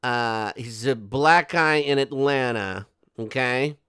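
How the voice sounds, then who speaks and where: A man's voice: mid-range voice, slow pace, fairly bright tone, clear, resonant tone, dry recording, studio quality. A man hosting a commentary video, reading quotes aloud and breaking in with sarcastic, mocking asides. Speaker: commentary channel host. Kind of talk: ranting commentary.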